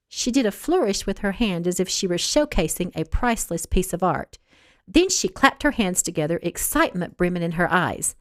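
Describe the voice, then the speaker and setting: A woman reads her own novel aloud with expressive, animated narration. Her pitch rises and falls a lot, and the recording is dry and close. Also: normal speed, dry recording. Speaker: author reading her novel. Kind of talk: audiobook narration read aloud.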